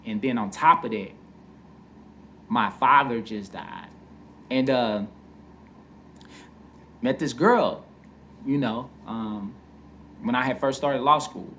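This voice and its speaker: A man's voice: medium pitch, takes it slowly, pauses often, fairly bright tone, a little hiss or hum. A man casually telling a personal story, candid and profane, full of "you know what I mean.".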